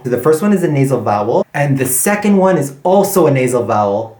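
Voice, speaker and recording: A man teaching an online language lesson, repeating example words slowly and clearly for learners. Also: mid-range voice, very animated, darkish tone, reverberant. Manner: slow, drawn-out repetition of example words. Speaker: French pronunciation teacher.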